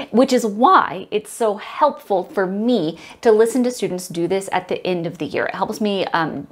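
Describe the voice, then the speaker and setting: A woman music teacher explaining a classroom activity step by step and now and then modeling chants and sung solfege for the class. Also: medium pitch.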